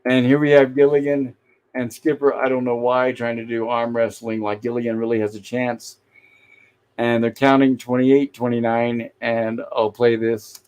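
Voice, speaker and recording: A man's voice: medium pitch, flat delivery, moderate pace, darkish tone, clear, resonant tone, rough recording. Man casually recapping old sitcom scenes. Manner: retells scenes, quoting characters in his own voice. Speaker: host. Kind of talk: casual episode recap, reading scenes aloud.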